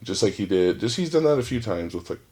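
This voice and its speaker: Male podcast host, 30s, low voice, loose and profane solo storytelling that keeps restarting. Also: expressive, quick pace, mellow, husky. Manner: rambling, profane, self-interrupting. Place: home with dogs.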